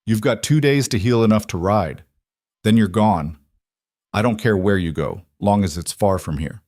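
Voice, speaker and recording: A man's voice: lowish voice, normal speed, a little mellow, dry recording, clean studio sound, close to an everyday voice. A man voicing Wade, a hard, protective frontier rancher father who talks curtly in an audiobook story. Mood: stern. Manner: curt and stern.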